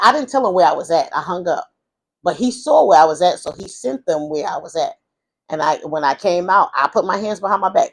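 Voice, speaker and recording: A woman tells a personal story in a casual vlog, rambling through fillers and restarts and jumping into high voices when she quotes people. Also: gravelly. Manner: animated retelling, acting out quoted voices in a high pitch. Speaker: vlogger telling her life story.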